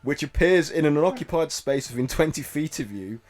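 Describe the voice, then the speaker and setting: A man's voice: a little high, lively intonation, fairly quick, heavy background noise. A man with a British accent narrating and ruling as game master in a tabletop game, laughing often.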